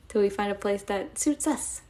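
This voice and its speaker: A woman's voice: mid-range voice, a little mellow. A young woman live-streaming, chatting casually and giggling as she thanks her viewers.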